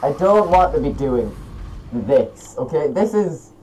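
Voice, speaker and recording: Excitable teen gamer yelling at his game. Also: a little high, slow pace, a little hiss or hum, rough recording. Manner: excitable, swearing, yelling outbursts. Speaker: gaming YouTuber. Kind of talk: gameplay commentary.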